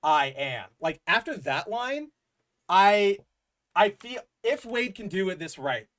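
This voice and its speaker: A man co-hosting a podcast, excitedly retelling a story in a rambling, casual way full of fillers. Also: high voice, slow pace. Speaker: podcast co-host. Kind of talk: casual comic book chat.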